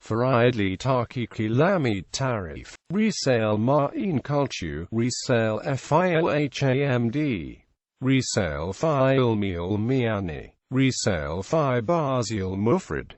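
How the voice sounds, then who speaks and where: A man reading an encyclopedia article aloud in a flat, evenly paced way, stumbling through foreign names. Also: mid-range voice, dry recording.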